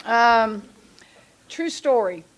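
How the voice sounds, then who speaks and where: A woman's voice: fairly high pitch, expressive, drawn-out words. Blunt Southern woman with a folksy drawl. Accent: Southern US, Louisiana. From Louisiana. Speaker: guest speaker, basketball coach. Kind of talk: casual after-lunch speech. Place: club luncheon room.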